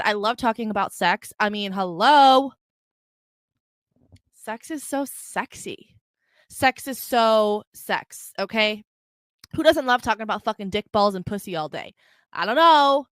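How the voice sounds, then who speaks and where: Brash young woman host, fairly high and very bright voice, dry close sound, swearing freely. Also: dry recording. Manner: brash, profane and unfiltered. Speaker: podcast host. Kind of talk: casual solo podcast rambling. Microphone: desk mic on a video stream.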